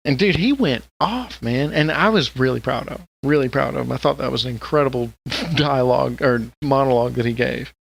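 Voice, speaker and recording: Gravelly guy on a podcast, swearing a lot, all fired up telling a story. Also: medium pitch, a little fast. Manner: excitable, profane, animated retelling. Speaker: podcast co-host. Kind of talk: casual chat.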